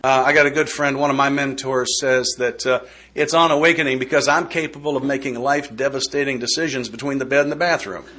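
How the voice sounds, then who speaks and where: A man's voice: mid-range voice, steady tone, fast talker, few pauses, sharp tone, slight background noise. A man giving a recovery step study talk, folksy and joking in a conversational way. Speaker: workshop speaker.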